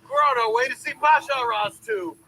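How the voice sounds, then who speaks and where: A man's voice: very high-pitched, animated, normal speed, bright, forceful tone, slight background noise. A man performing a comedy sketch with a goofy, jokey delivery. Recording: echoey room from a distance.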